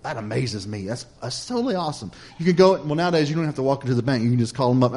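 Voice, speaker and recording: A male pastor preaching a sermon, repeating phrases in a rhythmic cadence, asking "Amen?" of the congregation, swinging between loud emphatic lines and soft hushed ones. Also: medium pitch, animated, rapid-fire, hardly any pauses. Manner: preacherly, repetitive cadence with call-and-response "Amen?".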